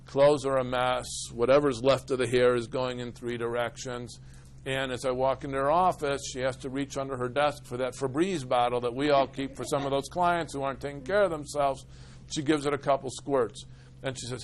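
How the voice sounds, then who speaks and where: A middle-aged man speaks at an everyday pitch, giving a lively talk to a room of listeners. He tells a story and plays out both sides of the scene himself. A faint hiss sits under the recording. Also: normal speed. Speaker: disability attorney speaking to a group. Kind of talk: humorous presentation to a live audience.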